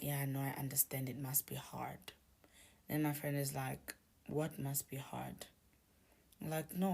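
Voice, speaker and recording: A woman telling a confessional story in a hushed, often near-whispered voice, hesitant and full of restarts. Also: sits low, gravelly.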